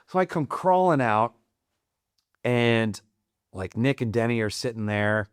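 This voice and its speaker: A man's voice: mid-range voice, a little slow, pauses often, smooth, dry recording, clean studio sound. A man in his forties, a Marine veteran guest on a podcast, telling war stories in a blunt, profane, matter-of-fact way. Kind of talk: casual war storytelling.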